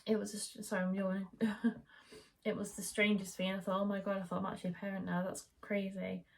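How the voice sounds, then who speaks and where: A woman's voice: medium pitch, quick pace, vocal fry. Chatty young woman vlogging. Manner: chatty, animated retelling, quoting the midwife in raised voice. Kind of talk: casual chat, telling a birth story. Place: home.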